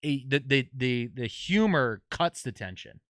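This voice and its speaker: A man in casual podcast chat, retelling sketches and jokes in an animated, rambling way. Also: mid-range voice, measured pace, no echo, studio quality. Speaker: podcast talker.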